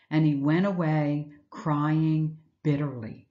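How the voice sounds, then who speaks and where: A woman's voice: sits low, fairly even intonation, measured pace, hardly any pauses, darkish tone, dull audio. A woman giving an Easter sermon, retelling scripture in a reflective storytelling way with rhetorical questions. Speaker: speaker giving an Easter message.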